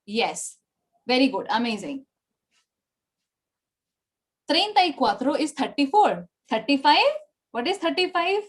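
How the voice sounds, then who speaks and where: A high-pitched woman with an Indian English accent leads an online Spanish lesson over a computer mic. She drills numbers patiently, repeats each one and heaps encouragement on her students. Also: sing-song, unhurried, pauses often. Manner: encouraging, repeats and praises often. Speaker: Spanish language teacher. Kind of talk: online language class.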